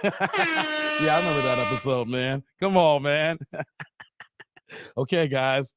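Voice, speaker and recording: A man in his forties hosting a casual livestream, animated and joking, calling out viewers by name and playing with his voice. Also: fairly high pitch, slow pace, pauses often, no echo. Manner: animated, joking, calls out chat names, playful voice changes. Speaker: livestream host. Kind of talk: casual live-stream chat.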